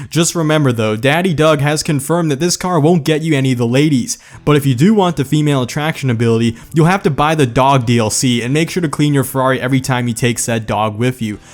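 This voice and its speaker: A man hosting a car video in scripted narration, joking and sarcastic, with a slight lisp from medicine. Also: medium pitch. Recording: faint music behind.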